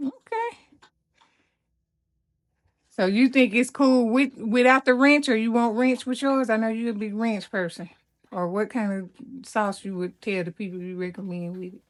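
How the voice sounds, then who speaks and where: A woman's voice: on the high side, fairly even intonation, normal speed. A woman from Mississippi with a Southern accent, chatting casually as a cooking vlog host and laughing often. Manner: chatty, laughs often, addresses viewers as y'all. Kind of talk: casual chat.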